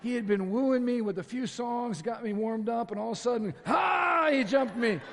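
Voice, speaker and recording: A man's voice: extremely high pitch, fairly quick. A man pastor preaching an impassioned sermon with a worship band behind him. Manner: impassioned, builds from quiet to shouting. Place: large church hall with worship band. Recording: live church hall with reverb and band music.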